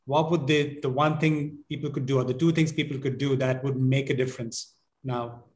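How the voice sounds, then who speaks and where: A man's voice: medium pitch, little pitch movement, moderate pace. A man hosting a live online talk over a video call, politely thanking his guest and reading out audience questions. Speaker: host.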